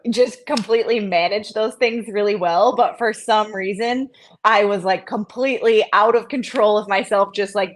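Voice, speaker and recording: Woman in her thirties, interview guest, casual chat, animated, self-mocking, mid-pitched. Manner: animated, self-mocking, acts out quotes in a higher voice. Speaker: interview guest, CrossFit athlete.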